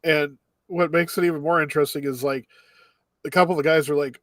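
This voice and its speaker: Male podcast co-host, slightly high voice, dry close sound, chatty recap, laughs a lot. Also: steady tone, fast, fairly bright tone, no room sound. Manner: laughs often while recapping. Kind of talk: casual anime recap chat.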